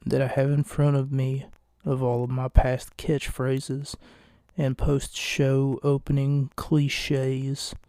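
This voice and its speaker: A man hosting a casual solo wrestling podcast late at night, talking in a hushed, jokey, rambling way from a home recording space. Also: medium pitch, monotone, slow, no echo, studio quality. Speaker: podcast host.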